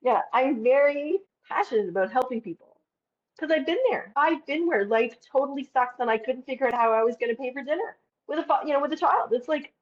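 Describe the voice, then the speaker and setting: A woman guest in a casual interview, talking in an animated, emphatic way and swearing casually. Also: sits high, fairly quick, highs cut off.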